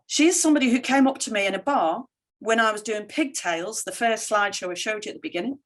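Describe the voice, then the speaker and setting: A middle-aged woman giving a conference keynote with slides, telling stories in an animated way and quoting others in lively voices. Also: medium pitch, fast. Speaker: keynote speaker.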